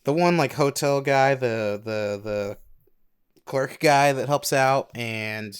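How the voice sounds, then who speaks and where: A man's voice: mid-range voice, takes it slowly, smooth. A young man co-hosting a podcast in casual chat, hesitant, often stammering and restarting his sentences. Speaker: podcast co-host.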